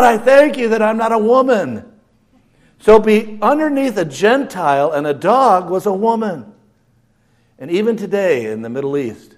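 A middle-aged male pastor preaching a sermon, swinging from hushed asides to loud emphatic lines. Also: sits high.

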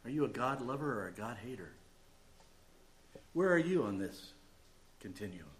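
A male pastor preaching a sermon, animated and conversational, dropping to quiet asides and rising to loud emphatic bursts. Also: medium pitch, moderate pace, slight background noise.

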